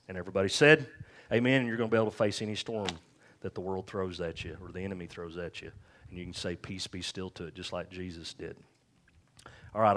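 A male pastor preaching a sermon in a conversational way, often checking in with the congregation. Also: low voice. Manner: conversational preaching, frequent "all right?" check-ins.

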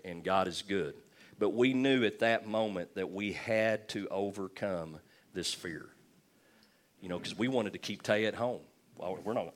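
A man's voice: low voice, a little hiss or hum. A man preaching a sermon, telling a personal story and calling for amens. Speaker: pastor.

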